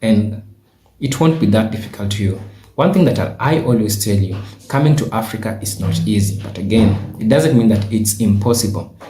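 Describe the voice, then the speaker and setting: A low, warm-toned man speaks earnestly and at a steady pace. The recording rings with room echo, which marks it as a clip played back from his video. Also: normal speed, slight background noise. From Kenya. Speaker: YouTuber. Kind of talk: advice vlog.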